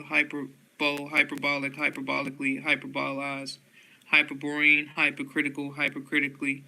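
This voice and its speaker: A man with a drawl reads a dictionary word by word in a steady rhythm. His voice is bright and crisp, with a gravelly edge. He trips over the tricky words and starts them again. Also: on the high side, poor audio. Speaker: host reading a dictionary aloud. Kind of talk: rapid word-list reading.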